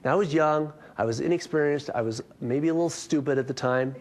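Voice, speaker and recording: Animated man telling a funny story. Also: fairly high pitch, brisk. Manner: animated, self-mocking humor. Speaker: chiropractor giving a health workshop. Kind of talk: humorous storytelling talk.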